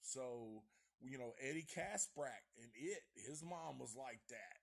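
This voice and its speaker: A man's voice: mid-range voice, lively intonation, a little slow, gravelly, husky. A man reviewing a horror movie on a live stream, rambling and swearing casually as he retells the plot. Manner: rambling, profane, laid-back storytelling.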